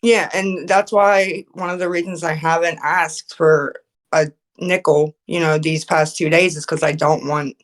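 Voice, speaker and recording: A woman's voice: sits low, steady tone, measured pace. A woman hosting an online voice call, explaining herself hesitantly with many fillers. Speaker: host of the voice chat. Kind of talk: group voice call.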